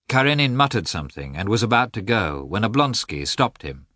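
A man narrating a novel aloud as an audiobook reader, with expressive storytelling. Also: lowish voice, brisk, hardly any pauses, no echo, clean studio sound. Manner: expressive storytelling, varied delivery. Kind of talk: scripted narration.

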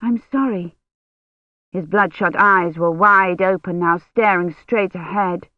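An audiobook narrator reading a novel in an even, measured way. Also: mid-range voice, no room sound. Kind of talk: scripted narration. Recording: dull dry lo-fi audio.

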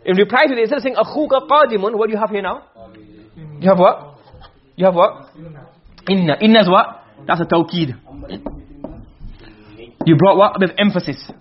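A man's voice: sits high, brisk, pauses often. A male teacher giving a classroom lesson on a text, repeating points and checking that students follow. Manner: repetitive, checks understanding often. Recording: dull lo-fi recording.

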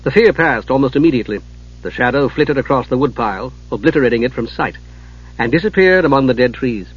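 A man narrating an audiobook fantasy story in a measured, dramatic reading. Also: medium pitch, animated, husky. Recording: dull lo-fi audio.

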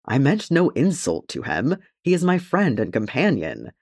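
A steady male ranger king, read by a man in an audiobook talks calmly and thoughtfully with a dry wit. The pitch moves about a lot. The sound is close and dry. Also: normal speed, gravelly, breathy edge, dry recording, heavily acted. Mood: wry. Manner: calm and thoughtful. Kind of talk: audiobook character reading.

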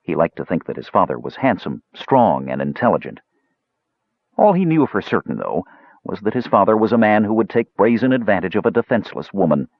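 A man narrating a fantasy audiobook in an animated, expressive reading. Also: lowish voice, brisk, slightly rough, dry recording. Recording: dull dry lo-fi recording.

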